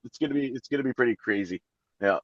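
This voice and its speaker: A man's voice: mid-range voice, fast, no room sound, dull audio. A man co-hosting a podcast, a truck driver talking about motorcycles in easygoing casual chat.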